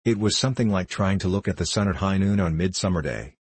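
A man reading a children's storybook aloud in an even, measured way. His voice sits very low with a husky grain, recorded close and dry with no room sound. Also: no room sound. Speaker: audiobook narrator. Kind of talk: storybook narration.

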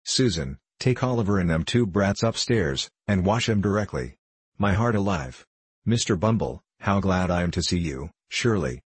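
A man voicing a sly, fawning woman who runs a parish baby farm, speaking with false humility and lower-class turns of speech. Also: expressive, moderate pace, breathy edge, dry recording. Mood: wheedling. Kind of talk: audiobook character voice.

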